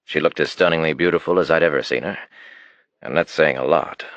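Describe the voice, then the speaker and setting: A man narrating an audiobook, with an expressive reading that turns hushed in tender moments. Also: very deep voice, fairly quick, dry recording. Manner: expressive reading, drops to a hushed tone in romantic passages. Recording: dull dry studio recording.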